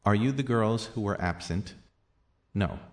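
Reading out practice sentences along with their translations, a male language teacher keeps a slow, deliberate pace and drops into soft, low asides.

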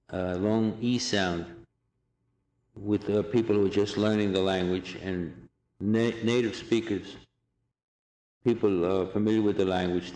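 A man giving a recorded language lesson, saying phrases slowly and repeating each one for drilling. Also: fairly low pitch, mellow, reverberant. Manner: slow, deliberate drilling of phrases with repetition. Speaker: language teacher.

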